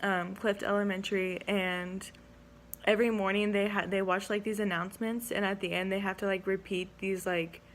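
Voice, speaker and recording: Her delivery is flat and her pace moderate as this young woman, an education student, tells a story for her vlog. She's giggly and talkative, saying "like" constantly, in a medium-pitched voice over slight background noise.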